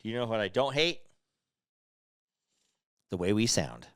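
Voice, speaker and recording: A man's voice: lowish voice, sing-song, a little slow. A man with a nasal voice, talking in a loose, joking way as a podcast co-host. He rambles and restarts his sentences as he goes. The sound is dry and close, with no room echo. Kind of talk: casual chat.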